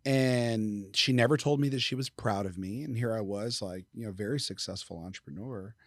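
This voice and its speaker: A man's voice: on the low side, normal speed, no room sound, clean studio sound. A middle-aged man speaking as a podcast guest, telling stories in a candid, casual way, swearing freely and acting out quoted dialogue. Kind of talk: casual storytelling.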